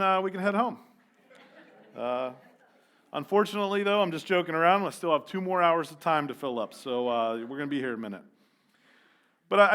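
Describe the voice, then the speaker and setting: A man's voice: a little high, fairly bright tone. A man preaching a sermon as youth leader in a church, casual and joking, with lots of ums and restarts.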